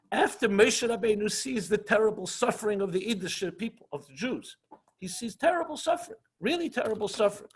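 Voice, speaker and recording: A man teaching an online class as a rabbi, earnest and passionate, often slowing down for emphasis and mixing Hebrew and Yiddish terms into English. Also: high voice, breathy edge. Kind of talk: lecture with questions and answers.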